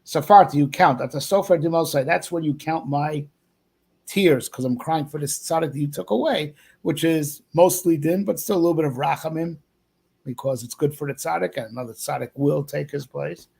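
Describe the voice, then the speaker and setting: Male rabbi, casual lesson delivery, rambling with fillers; slightly raised pitch, gravelly texture. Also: moderate pace, a little mellow. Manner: rambling, many fillers and 'right?' checks. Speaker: rabbi teaching.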